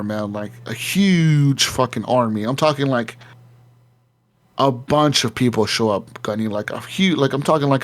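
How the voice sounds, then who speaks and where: A man on a gaming podcast, casually retelling a video game story with lots of swearing and acting out the characters' lines. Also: medium pitch. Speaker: podcast co-host.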